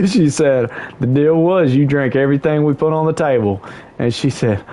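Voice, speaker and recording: A man's voice: fairly high pitch, moderate pace, warm tone. A young man hosting a livestream, casually telling a long story with lots of slang and swearing, his voice jumping up when he quotes people. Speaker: livestream host.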